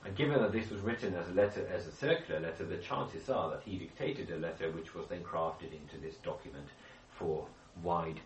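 A man's voice: deep voice, brisk, few pauses, slight background noise. A man leading a Bible study group, explaining with questions to the group and frequent restarts. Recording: echoey room, speaker far from mic.

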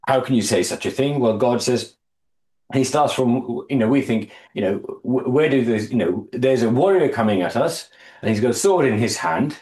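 A man leading a Bible study, reading scripture aloud, explaining it with halting restarts and quizzing his listeners. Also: mid-range voice, expressive, a little mellow. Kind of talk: Bible study teaching to a small group. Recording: echoey room.

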